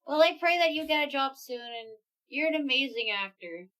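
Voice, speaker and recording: Bright, excitable young-sounding woman. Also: sits high, normal speed. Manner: excitable, exclaims often. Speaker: fellow vtuber. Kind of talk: casual chat.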